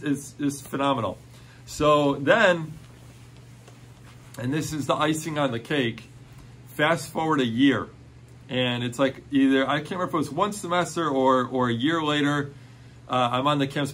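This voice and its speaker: A man telling a personal faith testimony in an excited, storytelling way, full of "like" fillers. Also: mid-range voice.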